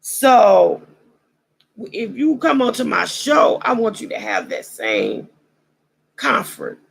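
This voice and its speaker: A woman vlogger speaks in an unhurried way, preachy and roasting, with slangy phrasing. Her voice is deeply gravelly and husky, and it rises and falls a lot. Her throat sounds dry, as if she is losing her voice. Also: huge pitch swings, poor audio. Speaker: vlog host. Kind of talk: casual commentary monologue.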